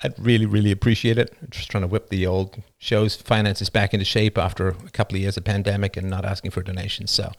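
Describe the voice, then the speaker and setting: A middle-aged man hosting a live call-in philosophy show, talking with passion and emphasis, his voice a little rough. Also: fairly low pitch, little pitch movement, fast, few pauses. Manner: passionate and emphatic, reads chat messages aloud. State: slightly rough voice.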